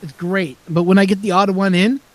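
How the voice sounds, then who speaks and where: A chatty man with a fairly high voice hosts a relaxed hangout. He tells rambling anecdotes and acts out the phone calls he describes. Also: brisk. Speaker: channel host. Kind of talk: casual chat.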